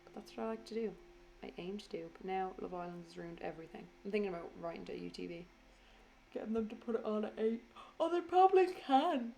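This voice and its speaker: A woman's voice: mid-range voice, steady tone, quick pace, gravelly, warm tone, a little hiss or hum. A woman chatting through a casual voiceover for her craft video. She says she is tired, rambles, swears freely and teases herself.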